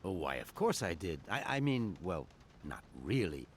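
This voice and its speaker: A man's voice: deep voice, sing-song, normal speed, slight background noise. A man voicing an evasive, overly polite hotel keeper in a video game, flustered and backpedaling.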